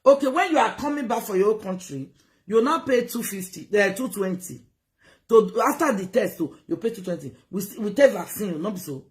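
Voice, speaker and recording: A woman with a Nigerian Pidgin accent lectures her viewers in a casual vlog, urging and scolding by turns. Her voice swings widely up and down at a middle pitch, and she moves freely between Pidgin and English. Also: animated, brisk. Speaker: vlogger giving advice. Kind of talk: casual live-stream talk. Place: United Kingdom.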